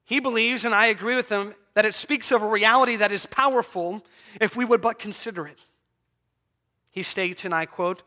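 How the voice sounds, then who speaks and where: A man preaching a sermon, swinging between hushed near-whispers and loud, emphatic declarations. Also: high voice, moderate pace.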